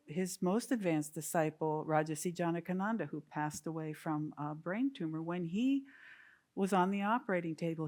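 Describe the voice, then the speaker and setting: Woman, sermon speaker, earnest storytelling, unhurried, lower voice. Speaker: service speaker.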